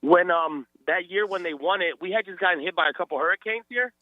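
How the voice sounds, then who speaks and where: Brief: male caller, halting speech with fillers, tinny phone line. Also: sits high, no room sound. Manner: hesitant, many fillers. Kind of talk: casual phone-in chat.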